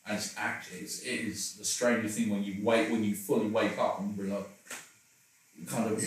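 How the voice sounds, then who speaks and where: A man's voice: lowish voice, moderate pace. Rambling man, roomy distant recording. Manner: rambling, self-deprecating, laughs often. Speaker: interview guest. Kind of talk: candid personal conversation.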